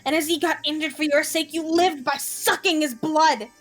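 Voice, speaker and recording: A woman's voice: high voice, steady tone, normal speed, fairly bright tone, soft background music, voice pushed up. Woman voicing a cruel, taunting young torturer. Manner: taunting, sneering, laughing. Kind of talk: dramatic reading of a visual novel.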